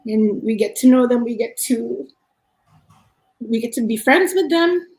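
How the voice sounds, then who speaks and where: A woman's voice: a little high, lively intonation, measured pace, a little mellow. Earnest storytelling woman, echoey room. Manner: earnest, reflective, with frequent restarts. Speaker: cafe owner and podcast guest. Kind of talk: personal storytelling in a podcast interview.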